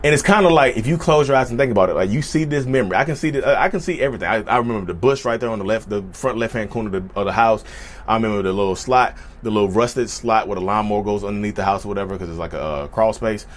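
Fast-talking man telling a personal story. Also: lowish voice. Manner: chatty, repetitive, keeps addressing viewers as y'all. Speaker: vlogger. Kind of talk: casual storytelling to viewers.

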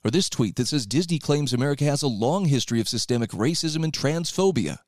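Man, talk radio host, sarcastic commentary, mid-pitched voice, dry studio sound. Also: expressive, fast talker, dry recording. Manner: sarcastic, opinionated.

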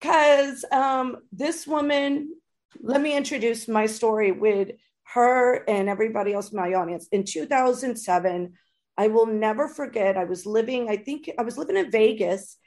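Excitable woman podcast host. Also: a little high, normal speed. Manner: gushing, excitable, many fillers and restarts. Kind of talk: casual podcast chat.

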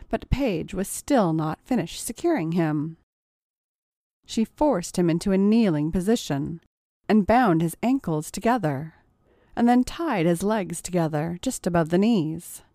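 A woman narrating an adult audio story in a steady, even storytelling manner. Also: on the low side, unhurried, no echo, studio quality. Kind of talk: erotic audio story reading.

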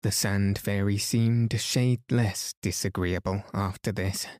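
A man reads a children's story aloud at a very slow, soothing pace, meant to lull listeners to sleep. His voice sits somewhat low and is recorded close and dry, with no room sound. The delivery is calm and even throughout. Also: no room sound. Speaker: podcast host, reader. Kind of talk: slow bedtime story narration.

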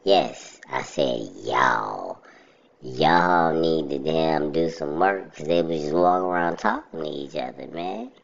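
Gravelly, very deep-voiced man. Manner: laid-back, chuckling, drawn-out. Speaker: interviewee. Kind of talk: casual storytelling. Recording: slightly muffled audio.

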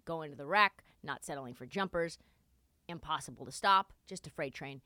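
A woman giving casual sports commentary, animated and sarcastic, swearing freely. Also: low-pitched, normal speed, no echo.

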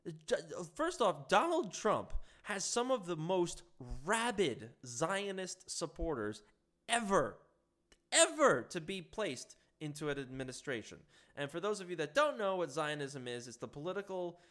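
A man's voice: medium pitch, fairly bright tone. A man delivering heated solo political commentary, sarcastic and profane, reacting to what he reads.

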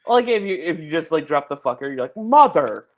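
A man's voice: a little high, lively intonation, quick pace. Playful man hosting a podcast. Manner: playful, jokey, sets up absurd scenarios. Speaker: podcast host. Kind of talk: casual interview chat.

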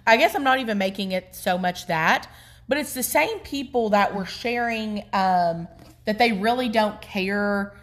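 A woman's voice: mid-range voice, a little slow. A young adult woman co-hosting a podcast, speaking earnestly and hesitantly with frequent ums. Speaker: podcast co-host. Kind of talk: casual chat.

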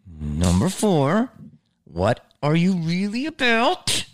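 A man rants with heavy swearing in a fairly high voice. His pitch swings wildly from low growls to high outbursts. He talks slowly and deliberately. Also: wildly swooping pitch. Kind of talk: profane ranting monologue.

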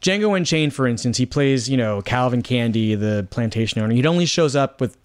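A man's voice: medium pitch, animated, a little fast. A man, a film critic, talking casually on a podcast, often searching for words and restarting his sentences.

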